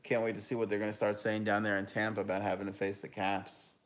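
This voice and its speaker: A young man hosting a live hockey talk stream, reacting to a game and reading viewer comments, with bursts of loud enthusiasm. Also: on the low side, little pitch movement, fast talker.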